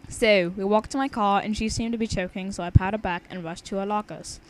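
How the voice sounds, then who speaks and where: Young woman, casual read-aloud, rambling, stumbles over words, mid-range pitch. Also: steady tone, fairly quick, slight background noise. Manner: chatty, rambling, stumbles and restarts. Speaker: story reader.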